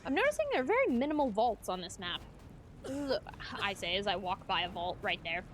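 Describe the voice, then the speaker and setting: An American woman streams a game, telling stories in casual, chatty talk broken by bursts of laughter. Her medium-pitched voice is very animated, a little fast, and a bit bright, with a little hiss or hum in the audio.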